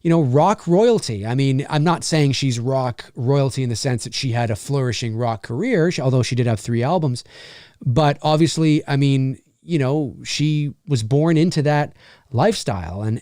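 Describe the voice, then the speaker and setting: A man hosting a live question-and-answer stream as a voice actor, talking in a rambling, animated way and swearing freely. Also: medium pitch, moderate pace, no room sound, clean studio sound. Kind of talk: casual live-stream chat.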